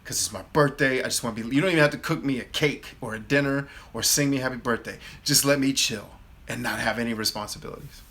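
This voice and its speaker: Man in his thirties, host, animated storyteller with a bright, forceful tone. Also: medium pitch, quick pace. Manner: animated, acts out his own replies in a louder voice. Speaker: host of a live Q&A. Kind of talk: casual storytelling.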